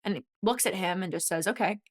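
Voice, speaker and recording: A woman in her twenties, a guest and former college swimmer, telling a story in animated casual conversation with quick asides. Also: fairly low pitch. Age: 20s.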